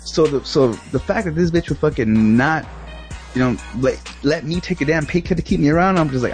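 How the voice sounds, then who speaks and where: A man's voice: a little high, a little fast, soft background music. A man chatting casually, rambling through a profane story and laughing often. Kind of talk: casual chat.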